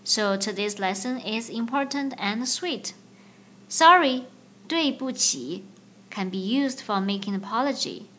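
A woman hosting a language-learning podcast, teaching in a clear, slow, playful way. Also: fairly high pitch, lively intonation, bright, forceful tone. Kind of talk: scripted language lesson.

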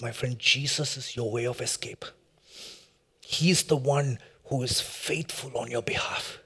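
A man preaching a sermon as pastor, impassioned, repeating his phrases and dropping to a hushed tone for prayer. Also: medium pitch, moderate pace, slightly rough.

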